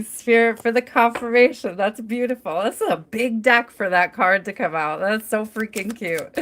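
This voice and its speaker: A woman hosting a casual live tarot reading, bubbly and quick to laugh, talking to spirit and to her viewers in the chat. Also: a little high, fairly bright tone. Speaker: tarot reader hosting a livestream.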